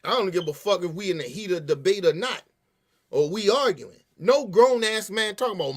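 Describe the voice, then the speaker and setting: A man's voice: sits high, lively intonation, moderate pace. A man rants through heated, profane commentary. He talks emphatically and animatedly, hammering his points again and again. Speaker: podcast host.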